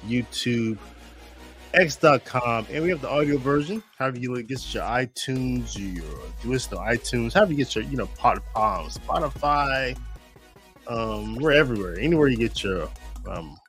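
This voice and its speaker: A man's voice: medium pitch, lively intonation, normal speed, fairly bright tone, faint music behind. A man hosting a casual livestream show, rambling and chuckling at himself, groggy from a nap. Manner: rambling, self-deprecating, chuckling. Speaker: show host. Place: home studio in Germany.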